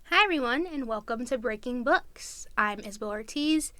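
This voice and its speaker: A woman's voice: on the high side, lively intonation, normal speed, bright, forceful tone. A woman hosting a book podcast, introducing her guest with bubbly enthusiasm. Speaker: podcast host. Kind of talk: interview chat. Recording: dry studio sound.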